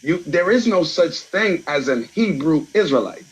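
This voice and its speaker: A man's voice: on the high side, lively intonation, normal speed, breathy edge, rough recording. A man debating in a voice chat room, emphatic and insistent, often ending points with "right?". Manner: emphatic, keeps asking "right?".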